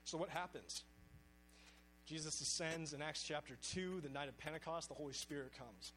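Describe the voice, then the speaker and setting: Earnest preacher man, slightly high voice. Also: moderate pace, fairly bright tone, slight background noise, rough recording. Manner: earnest, reads scripture aloud with emphasis. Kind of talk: sermon.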